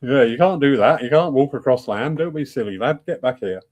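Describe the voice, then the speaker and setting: Bloke putting on a northern english fish, bossy and scolding, a bit loud. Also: male voice, medium pitch, expressive, a little fast, lightly acted. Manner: bossy, telling off. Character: scolding old-fashioned male fish.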